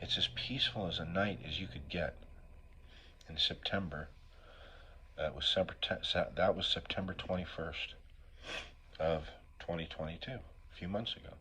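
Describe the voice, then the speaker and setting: A middle-aged man with a deep voice tells a hard personal story as a recovery speaker. His tone is husky and slightly sniffly from allergies. He speaks raw and profane, and he keeps checking in with "right?". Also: a bit bright.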